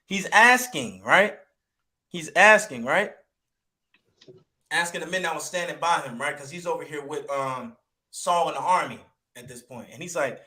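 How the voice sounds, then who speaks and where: A man teaching from the Bible in an emphatic, animated, slangy way. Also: on the high side, moderate pace, pauses often. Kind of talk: street preaching commentary.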